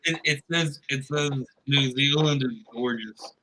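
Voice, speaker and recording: A man casually chatting with his co-host, halting and restarting, playing along with the bits. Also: mid-range voice, pushed and bright, a little hiss or hum, rough recording. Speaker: podcast co-host. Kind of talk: casual chat.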